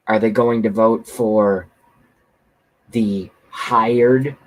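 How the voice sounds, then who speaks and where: A man's voice: lowish voice, steady tone, extremely slow. A man delivering a profane, rambling political rant, repeating himself for emphasis. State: hiccups. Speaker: political commentator. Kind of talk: ranting political monologue. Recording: outdoors, passing train nearby.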